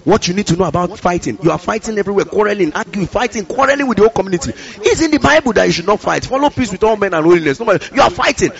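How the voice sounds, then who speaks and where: Male pastor, fairly high voice, rapid emphatic sermon delivery; repeats phrases, calls to the church. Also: very animated, gravelly, dull audio. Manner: emphatic preaching, repeating phrases, calling out to the congregation. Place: church service.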